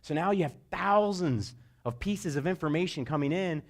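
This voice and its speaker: A middle-aged man giving a motivational talk to sports parents, telling stories and jumping into high shouted voices for quotes. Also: normal speed. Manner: animated storyteller, jumps into high-pitched shouted voices for quotes. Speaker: speaker.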